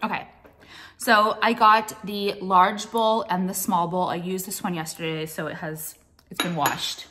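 A woman's voice: lowish voice, steady tone, measured pace, sharp tone. A young adult woman vlogging in a casual, blunt rant, opinionated and full of swearing and "like". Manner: blunt, profane, opinionated, heavy use of "like".

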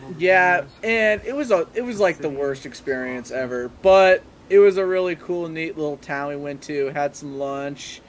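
A young man with a fairly high voice chats as a podcast guest, rambling through travel stories with plenty of "like" and "uh". His talk is loose and casual, with faint background noise in the recording. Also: expressive, moderate pace, few pauses. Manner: rambling, filler-heavy storytelling. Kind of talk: casual chat.

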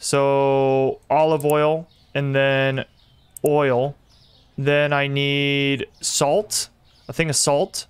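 A young man streaming a simulator game, commenting excitedly and talking to his chat as he plays. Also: medium pitch, very slow, clear, resonant tone, no echo. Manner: excitable, talks to chat while playing. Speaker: gaming streamer. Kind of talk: live gameplay commentary.

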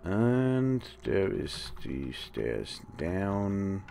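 Deep, gravelly-voiced sarcastic man. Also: big pitch swings, drawn-out words, mellow, a little hiss or hum. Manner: sarcastic, talks to the monsters; rambling, thinks aloud. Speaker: let's play host. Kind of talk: live gameplay commentary.

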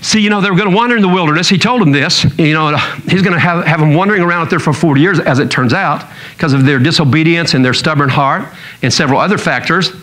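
A man's voice: fairly high pitch, fast talker, a bit bright, low-quality recording. A man pastor preaching a sermon in a conversational storytelling way, chuckling now and then.

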